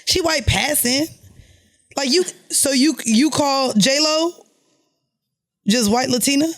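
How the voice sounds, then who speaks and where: A woman's voice: high voice, takes it slowly, fairly bright tone. A woman co-hosting a podcast in a studio, talking in a brash, crude and playful way. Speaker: podcast co-host. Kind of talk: casual chat.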